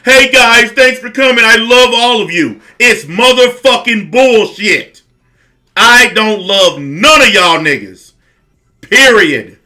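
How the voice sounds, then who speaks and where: A man with a high-pitched, hard-edged and forceful voice rants to camera. He is blunt and confrontational, full of profanity, and he repeats lines for emphasis. Nothing about him is softened or polite. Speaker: online commentator.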